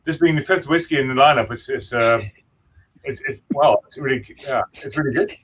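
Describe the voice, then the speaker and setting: A man's voice: mid-range voice, fairly bright tone, a little hiss or hum. A man tasting whisky on a video call, stammering and restarting his sentences. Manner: halting, stammering. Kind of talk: casual chat.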